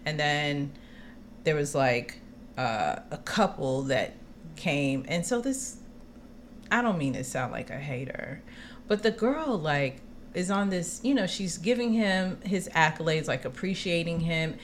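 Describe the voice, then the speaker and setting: A woman co-hosting a podcast, telling a personal story in casual chat, acting out quotes with slangy, expressive asides. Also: low voice, measured pace, slight background noise. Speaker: podcast co-host.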